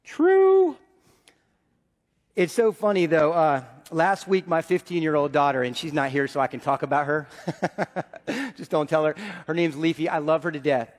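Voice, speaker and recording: High-voiced man preaching in a hall. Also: expressive, normal speed. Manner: storytelling with swings from loud to hushed. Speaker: pastor. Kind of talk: sermon. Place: church sanctuary.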